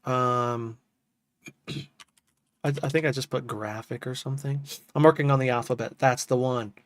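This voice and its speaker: A man's voice: mid-range voice, steady tone, measured pace, no echo. A man casually chatting to his live-stream chat as a music producer, loose and enthusiastic, dropping "dude" and "bro" often.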